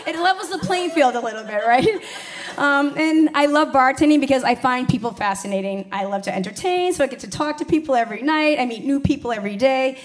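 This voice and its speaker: Brash, high-voiced woman comic. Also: animated, fast. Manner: brash, profane, blunt. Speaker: stand-up comedian and bartender. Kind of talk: stand-up comedy set.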